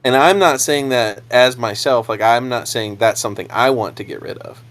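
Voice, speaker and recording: A man's voice: medium pitch, normal speed, fairly bright tone. A young adult man, a preacher co-hosting a podcast, chatting casually in a rambling way, repeating words and laughing often.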